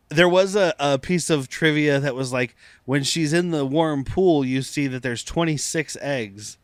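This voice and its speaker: A man's voice: fairly high pitch, a little slow, no echo. Laid-back laughing man, podcast chat. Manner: laid-back, laughs often, swears casually. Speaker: podcast co-host. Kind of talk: casual podcast recap chat.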